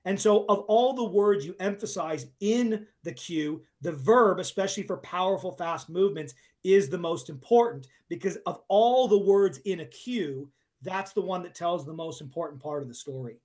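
A man's voice: sits high, lively intonation, moderate pace, a little mellow. A man, a performance coach, explaining his ideas emphatically as a podcast guest. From United States. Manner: emphatic teacherly explaining, asks if it makes sense.

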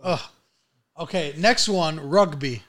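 A man's voice: a little high, slow, a bit bright. A man hosting a casual podcast, keeping the chat moving with short, easygoing prompts. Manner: brief prompts and back-channel replies, easygoing. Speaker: podcast host.

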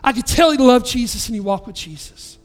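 High-voiced earnest male pastor. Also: expressive, brisk. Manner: earnest, conversational, with frequent restarts. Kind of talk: storytelling sermon.

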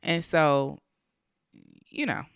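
A woman with a smooth, clear voice talks casually and adds details to a shared story. Her voice sounds close and dry, with no room echo. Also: deep voice, expressive, extremely slow, fairly bright tone. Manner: chimes in with frequent affirmations, adds details. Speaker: wife and co-speaker. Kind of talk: casual conversation.

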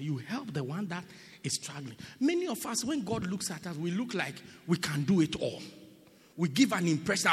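A man preaching a sermon as a bishop. He swings from shouting to near-whispering and teases the congregation. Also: high-pitched, very animated, normal speed, breathy edge. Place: church hall. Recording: long hall reverb.

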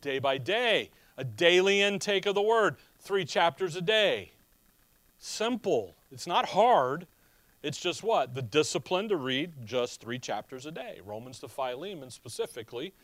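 A man's voice: fairly high pitch, expressive, a little slow, fairly bright tone, no echo. A middle-aged man preaching a conversational expository sermon and asking his listeners rhetorical questions. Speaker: pastor.

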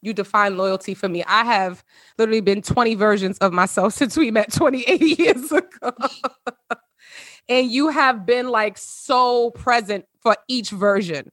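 A woman hosts a casual conversation with close friends over a video call. She talks in a heartfelt, emotional way and laughs often. Her voice sounds dry and close, at a middle pitch. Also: unhurried, fairly bright tone, dry recording. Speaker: podcast host.

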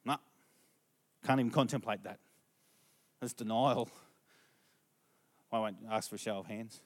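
A man's voice: on the low side, a little slow. A middle-aged man preaching a storytelling sermon, conversational and asking the congregation questions.

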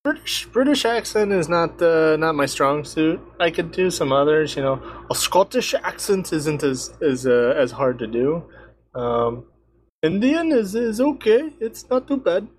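A man co-hosting a podcast, chatting loosely and joking at his own expense. His pitch swings up and down, lively and expressive, sitting a little above the usual for a man. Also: unhurried, slight background noise. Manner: jokey, self-mocking banter. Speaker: podcast co-host. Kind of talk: casual chat.

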